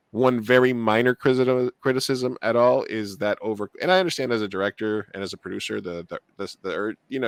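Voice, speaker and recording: A man co-hosting a podcast in casual chat, rambling and animated, with lots of fillers and restarts. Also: mid-range voice, dry recording, clean studio sound. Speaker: podcast co-host.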